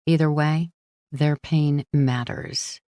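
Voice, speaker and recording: A woman narrating a first-person audiobook in a hushed, brooding manner. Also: low-pitched, fairly even intonation, takes it slowly, dry recording, studio quality.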